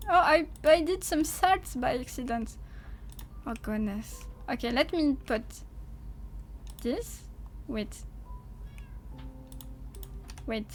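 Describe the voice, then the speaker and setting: A woman with a French accent and French as her first language, streaming a game and chatting to viewers, excitable and quick to yelp and swear. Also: high voice, a little hiss or hum. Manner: excitable, bursts into yelps and swearing. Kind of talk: gameplay livestream commentary.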